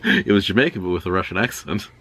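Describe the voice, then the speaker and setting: Casual co-host, man, lowish voice, deadpan quips. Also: quick pace. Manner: dry, joking remarks. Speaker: podcast co-host. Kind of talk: casual chat.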